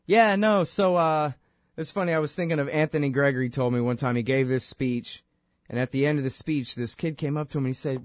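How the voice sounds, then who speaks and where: A man's voice: medium pitch, fairly quick, no room sound, studio quality. A man hosting a political commentary show, talking in a sarcastic, impassioned way. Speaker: show host.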